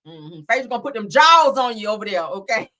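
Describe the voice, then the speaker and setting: A woman's voice: fairly high pitch, sing-song, a little fast, pushed and bright. A woman hosting a livestream, reading celebrity news aloud in a sassy, chatty way and laughing with her viewers. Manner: sassy, chatty, laughs often, talks to chat. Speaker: livestream host.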